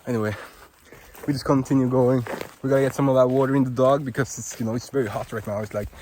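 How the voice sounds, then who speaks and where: Norwegian guy vlogging outside in the woods, super excitable, keeps saying like, mid-pitch voice, a bit of faint noise around. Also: fast talker. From Norway. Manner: excitable, gushing, rambling with lots of fillers. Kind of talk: casual walking vlog. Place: outdoors in a forest on a hot day.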